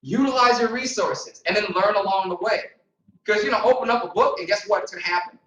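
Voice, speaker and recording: High-voiced man preaching success in echoey room. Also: fairly quick. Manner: energetic, repetitive, preacher-like emphasis. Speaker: motivational trainer. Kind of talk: motivational seminar talk. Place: meeting room in front of a group. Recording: echoey room, distant mic.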